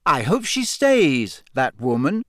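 A man's voice: medium pitch, very animated, takes it slowly, no echo, studio quality. A man voicing a gossipy teenage schoolgirl with a hard, cool tone.

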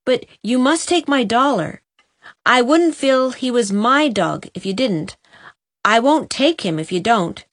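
A woman's voice: mid-range voice, animated, a little slow, fairly bright tone. A woman voicing an eager, tender-hearted young boy in a storybook reading. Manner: eager, breathless pleading.

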